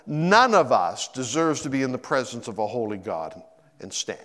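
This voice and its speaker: Here a middle-aged man preaches from a church sanctuary at a moderate pace, his medium-pitched voice sounding like it fills a big room. As pastor, he stays animated, repeating words while he sorts his thoughts and dramatizing quotes with abrupt voice shifts.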